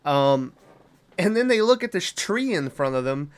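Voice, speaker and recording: Unhurried and swinging widely in pitch, this fairly high male voice belongs to a podcast host recapping a movie. His storytelling is loose and rambling, heavy on profanity and fillers, in a casual review style.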